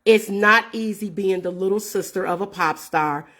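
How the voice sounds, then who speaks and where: A woman in her fifties hosts her own show, speaking at a normal pace in a medium-pitched, slightly bright voice. She tells viewers a story earnestly and casually, calling them "y'all" and reading out messages.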